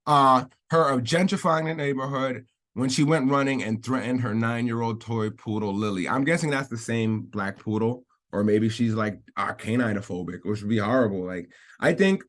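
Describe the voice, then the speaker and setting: A man's voice: medium pitch, moderate pace, a bit bright. Rambling man reading and riffing. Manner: rambling, repetitive, hedging, frequent laughs. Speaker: commentary vlogger. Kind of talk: casual commentary while reading out a news article.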